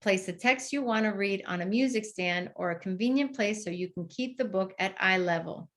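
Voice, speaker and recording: A woman clinician leads a training session, explaining each step and then modeling the exercise aloud. Her voice sits at an ordinary middle pitch, and she pauses often to breathe as she demonstrates. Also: a bit bright. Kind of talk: instructional demonstration.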